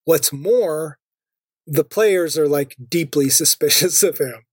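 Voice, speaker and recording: A man's voice: fairly high pitch, slow pace, breathy edge, dry recording, studio quality. A man co-hosting a podcast in casual chat, often laughing and filling his talk with "like" and "uh". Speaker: podcast co-host.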